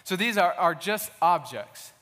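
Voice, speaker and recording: A man's voice: sits high, animated, measured pace, bright, forceful tone. Earnest young man preaching in a reverberant hall. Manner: earnest, casual, with restarts and storytelling. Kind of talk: sermon.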